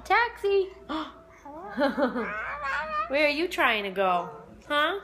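Cooing, high, sing-song mother. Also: huge pitch swings, drawn-out words, heavy background noise. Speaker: mother filming her baby. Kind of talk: baby talk at home. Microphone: phone camera.

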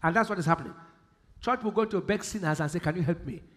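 A man with a Nigerian English accent preaching a sermon, quoting scripture and bursting into shouted emphasis. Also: sits high, fast, noisy background. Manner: preaching with sudden shouted emphasis and Bible quotes. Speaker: pastor. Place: large church hall. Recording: live church hall with long reverb.

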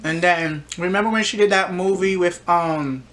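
A reaction vlogger with a fairly low voice at normal speed casually comments on a TV singing show, sassily talking back to the screen.

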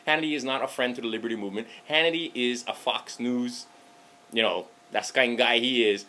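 Man, Hawaiian Pidgin accent, bright tone, animated political vlog rant, swears freely. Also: mid-range voice, quick pace. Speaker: political vlogger. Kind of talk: casual rant to camera.

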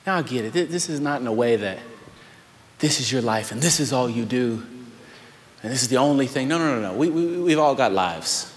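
A man preaching an energetic sermon as a pastor, shouting at peaks, then dropping to a quiet, conversational tone. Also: mid-range voice, a little fast. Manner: animated, shouts and laughs, swings from loud to quiet. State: out of breath. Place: large church hall. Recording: long hall reverb, faint room ambience.

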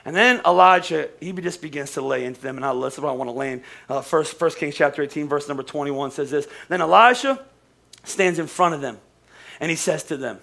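A man's voice: on the high side, a little fast, gravelly, pushed and bright. A man preaching a sermon as pastor, casual and conversational, with humor and acted-out quotes.

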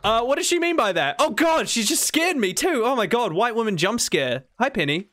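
A man giving excitable live commentary on a game he is streaming, reacting with frequent laughter. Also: very high-pitched, moderate pace. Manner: excitable, animated, laughs often.

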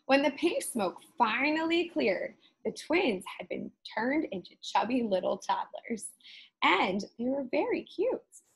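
Expressive woman reading a storybook aloud. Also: sits high, unhurried, gravelly, husky, poor audio. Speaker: teacher. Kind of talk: reading a picture book aloud.

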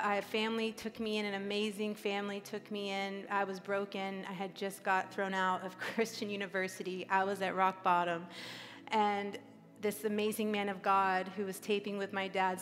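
A woman's voice: mid-range voice, monotone, normal speed, a bit bright, soft background music. Woman pastor, forties, emotional tearful sermon, live church hall reverb. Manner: emotional, tearful, earnest preaching.

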